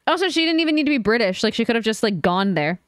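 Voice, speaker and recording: A woman's voice: fairly high pitch, very animated, very fast, dry recording. A young adult woman co-hosting a podcast in casual chat, opinionated and emphatic, sometimes swearing. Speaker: podcast co-host.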